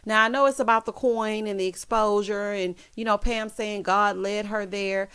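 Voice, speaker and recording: Sassy, animated woman recapping a reality show. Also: medium pitch. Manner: sassy, animated, talks straight to the cast. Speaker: recap vlogger. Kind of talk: casual TV recap commentary.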